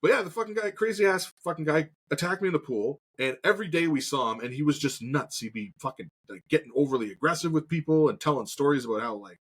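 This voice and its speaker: A man's voice: fairly high pitch, fast talker, few pauses, husky. A man in his thirties co-hosting a casual talk show, telling a story with lots of swearing and acted-out quotes. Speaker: podcast co-host.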